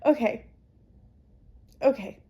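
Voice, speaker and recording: A teary, emotional woman book vlogger talking to camera, halting and repeating herself softly. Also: muffled recording. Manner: halting, repeats herself, soft trailing phrases. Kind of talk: casual chat to camera.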